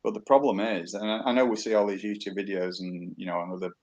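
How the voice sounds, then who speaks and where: A man's voice: lowish voice, steady tone, quick pace, dull audio. A man hosting a casual chat, speaking in a plain, conversational way.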